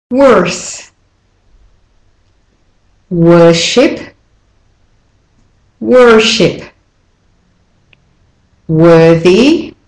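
A woman teaching pronunciation, saying each word twice with careful, clear articulation. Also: mid-range voice. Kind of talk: slow, careful pronunciation lesson. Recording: roomy echo.

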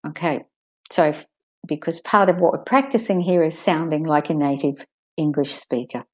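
A woman teaching English pronunciation, modeling sentences slowly and stressing the key words for learners to copy. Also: low voice, darkish tone, slightly rough.

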